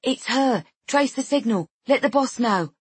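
A woman's voice: on the high side, animated, measured pace, slightly rough, no echo, pitched above the performer's own voice, full character voice. A woman voicing a nervous, evasive woman who answers a phone call and stalls the caller. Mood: urgent. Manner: guarded and evasive.

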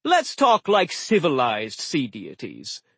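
A man's voice: medium pitch, huge pitch swings, takes it slowly, gravelly, husky, no room sound, heavily acted. A man voicing a cheerful, grandfatherly male sea god who talks in a breezy, jovial way.

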